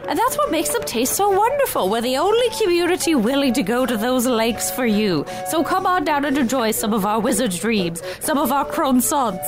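A woman's voice: sits high, sing-song, normal speed, hardly any pauses, over music. A woman voicing a sly, cheery old crone baker, rambling in an improvised comedy bit. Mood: inviting. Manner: rambling, wry, playfully sinister. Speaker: guest. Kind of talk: improvised comedy role-play.

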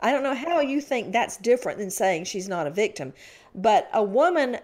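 A woman podcast host and former prosecutor who argues forcefully, pressing with rapid questions in a heated debate. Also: fairly high pitch, expressive.

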